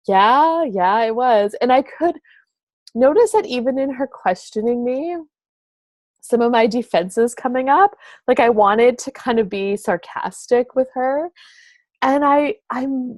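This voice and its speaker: A woman's voice: medium pitch, vocal fry, darkish tone, dry recording. A woman hosting her own show, casually telling an everyday story and acting out both sides of the conversations. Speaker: show host and facilitator.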